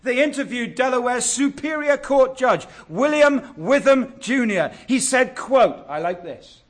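Guy preaching, kinda high voice, earnest, drags out words for emphasis. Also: expressive. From England. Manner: earnest and exhortative, stretching key words slowly. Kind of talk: sermon.

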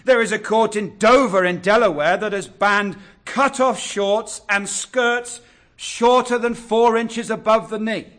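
A man preaching a sermon, earnest and exhortative, drawing out key words slowly. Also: high-pitched, fairly bright tone. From England.

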